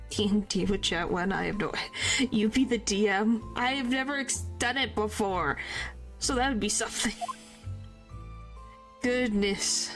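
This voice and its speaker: A woman's voice: mid-range voice, measured pace, long pauses, soft background music. A woman streaming a video game, chatting casually and playfully, trying out character voices. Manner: playful, tries out voices, mild exclamations.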